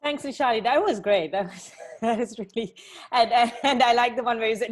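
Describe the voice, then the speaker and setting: A woman hosting a video call, chatty and halting with fillers. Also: on the high side. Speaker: host. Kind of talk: casual chat on a video call.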